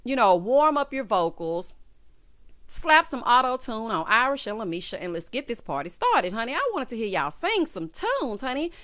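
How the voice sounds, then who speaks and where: A woman's voice: a little high, big pitch swings, moderate pace, a bit bright. A young adult woman giving a casual, sassy recap of a reality show, calling her viewers "child" and "honey".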